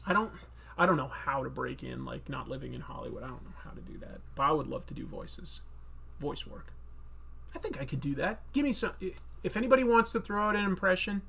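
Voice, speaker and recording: Chatty guy answering live chat about comics, lots of ums, bit of a gravelly voice. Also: mid-range voice, a bit bright, slight background noise. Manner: chatty and rambling, with many fillers. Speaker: comic book video host. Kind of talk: casual live-stream Q&A.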